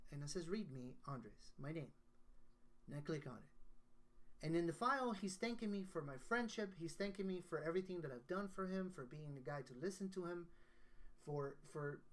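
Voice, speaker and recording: A man's voice: fairly high pitch, a little fast, fairly bright tone. Earnest man telling a personal story. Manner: earnest and emotional, with many restarts. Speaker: guest songwriter. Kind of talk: casual storytelling in conversation.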